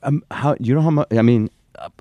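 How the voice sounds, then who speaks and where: A man's voice: mid-range voice, fairly quick, mellow, dry recording. A man hosting a radio show, teasing and probing his guest in casual studio chat. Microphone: studio microphone. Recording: dry studio sound.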